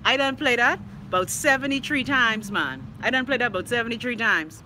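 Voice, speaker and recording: A woman's voice: a little high, expressive, brisk, bright, forceful tone. A Bahamian woman hosting a casual live stream, reading viewer comments in a blunt, sassy, profane way, her throat scratchy from pollen.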